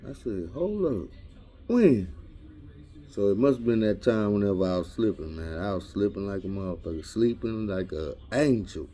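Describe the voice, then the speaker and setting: A man's voice: lowish voice, brisk, few pauses, warm tone. A man doing a crude, rambling comedy rant full of slang and street storytelling. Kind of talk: raunchy improvised comedy rant.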